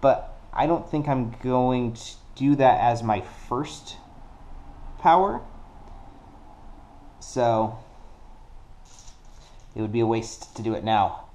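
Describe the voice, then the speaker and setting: A man casually narrating a solo card game play-through, working things out deliberately and counting dice aloud. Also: mid-range voice, darkish tone. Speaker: board game player.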